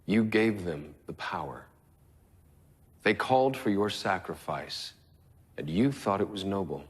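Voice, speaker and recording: John Galt, a husky, solemn rebel leader. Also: male voice, sits low, animated, heavily acted. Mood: defiant. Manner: solemn, measured, declamatory. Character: defiant male rebel leader addressing a nation. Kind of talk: dramatic film speech.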